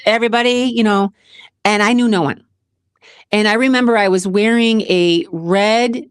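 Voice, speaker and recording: A woman's voice: medium pitch, no room sound, clean studio sound. Candid woman telling a personal story. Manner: emotional, repeats herself, addresses viewers as guys. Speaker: host of a self-help channel.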